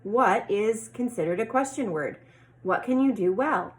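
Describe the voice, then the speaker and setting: A woman teaching a first grade class, reading example sentences slowly and clearly. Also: a little high, animated, rough recording. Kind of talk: teaching a lesson to young children.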